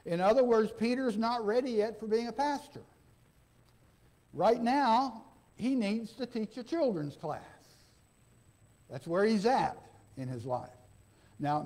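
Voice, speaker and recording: A man's voice: high voice, big pitch swings, slow pace, warm tone. A man preaching a sermon as interim pastor, folksy and conversational, often checking in with the congregation and acting out the quoted dialogue. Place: church sanctuary.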